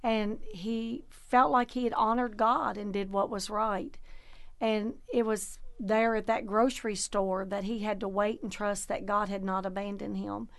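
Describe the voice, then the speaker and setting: A woman co-hosting a faith show, telling a story in an animated way with rising emphasis. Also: mid-range voice, measured pace. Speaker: co-host. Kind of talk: casual faith chat.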